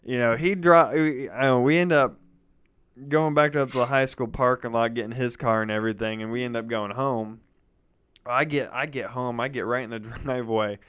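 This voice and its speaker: Young male podcast co-host, smooth voice, chatty storyteller. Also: moderate pace. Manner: animated storyteller, jumps into loud high-pitched impressions. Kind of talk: casual storytelling chat.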